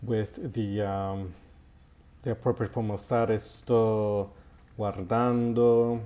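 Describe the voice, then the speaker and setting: A man teaching an Italian grammar lesson in a slow, halting way, with many fillers and repeated words. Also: fairly low pitch, little pitch movement, dark tone. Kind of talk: recorded language lesson.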